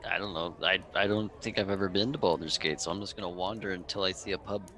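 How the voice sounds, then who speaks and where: A man's voice: low-pitched, steady tone, fast, pushed and bright. A male player in a tabletop game who answers in short, dry lines.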